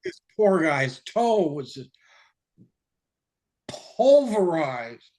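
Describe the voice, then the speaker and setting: A man talking casually as an interview guest, excitable and profane, jumping into quick chemistry explanations. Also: fairly high pitch. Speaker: guest, water filter developer.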